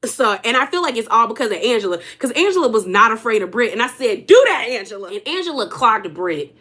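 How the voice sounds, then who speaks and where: A woman's voice: fairly high pitch, fast, slightly rough. A woman hosting a casual reality TV recap, animatedly acting out what the cast said. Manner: animated, acts out cast members' lines. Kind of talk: casual chat.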